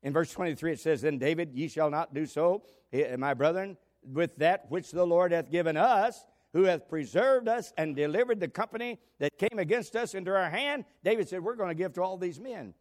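An older man preaching a sermon, swinging between loud emphatic exclamations and soft asides. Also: fairly high pitch, normal speed. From United States.

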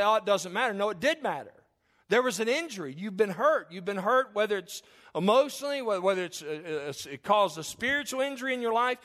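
A man's voice: high voice, a bit bright. A middle-aged man preaching a sermon as pastor, folksy and conversational, with joking asides and frequent restarts.

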